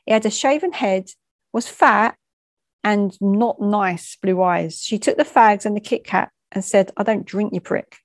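A woman's voice: mid-range voice, a little slow, no room sound. A woman telling a first-hand story in a frank, plain way, with conversational asides and small stumbles.

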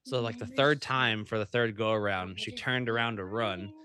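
A man's voice: lowish voice, moderate pace, sharp tone. Man telling a rambling crude story. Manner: rambling, laughing, crude anecdotes. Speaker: podcast co-host. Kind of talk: casual storytelling.

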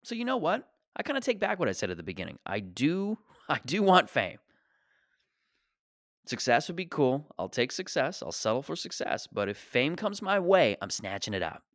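A young man doing a profane, self-deprecating stand-up rant, exasperated and quick to mock himself. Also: medium pitch, huge pitch swings, fairly bright tone, no room sound, clean studio sound. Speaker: stand-up comedian.

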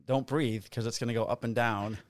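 A man's voice: mid-range voice, steady tone, brisk, no room sound, clean studio sound. A man co-hosting a casual podcast, rambling through stories, jokes and a sponsor read. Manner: joking, rambling storyteller. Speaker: podcast co-host. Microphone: studio podcast mic.

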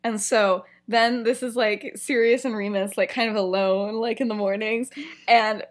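A young woman co-hosting a podcast, retelling a story in casual chat, animated, with lots of fillers. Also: on the high side, normal speed. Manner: animated storytelling, many fillers, frequent laughs. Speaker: podcast co-host.

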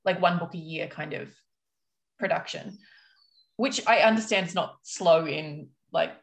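A woman author, the guest in a casual storytelling answer, is losing her voice to a cold. Her voice is on the low side and creaky, and she speaks at a measured pace, telling her story frankly and ramblingly with many fillers.

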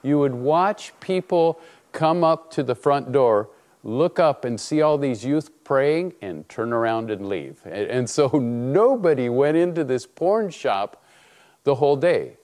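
Male preacher with a warm, mellow voice who tells stories in a sermon and acts out the dialogue. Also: medium pitch, unhurried. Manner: animated storytelling, acts out dialogue. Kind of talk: sermon with personal story.

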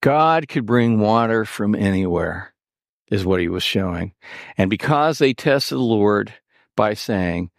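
A man preaching a sermon, animated and expressive, with sarcastic asides. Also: fairly low pitch, a little slow, vocal fry, no echo, studio quality. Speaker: pastor.

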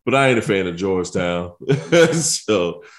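Man, thirties, low pitch, lively swings, cursing and joking, roomy echo. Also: a little slow. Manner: profane, joking, animated storytelling. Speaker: podcast co-host. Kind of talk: casual chat.

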